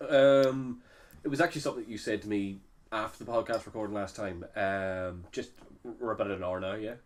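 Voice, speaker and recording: A man's voice: lowish voice, fairly even intonation, a little fast. Hesitant young Northern Irish man. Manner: hesitant, frequent ums and restarts. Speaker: podcast co-host. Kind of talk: casual chat.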